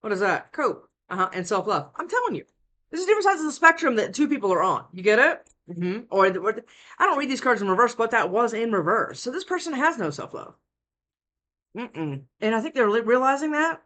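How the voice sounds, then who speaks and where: A woman's voice: fairly high pitch, big pitch swings, brisk, fairly bright tone. Exhausted, rambling woman tarot reader. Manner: rambling, with frequent restarts. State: worn out from lack of sleep. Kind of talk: casual tarot reading to camera. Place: indoors at home. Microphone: desk mic, close.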